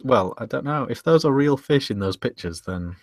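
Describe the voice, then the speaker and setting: A British man co-hosts a casual podcast chat in a medium-pitched voice with lively intonation and a moderate pace, with no room sound. He's hesitant, restarting sentences, repeating words, and laughing often.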